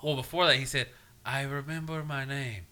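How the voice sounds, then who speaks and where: A married man in casual chat recapping a series, emphatic and swearing, loudly mimicking the characters. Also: mid-range voice, fairly even intonation, normal speed. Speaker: podcast co-host.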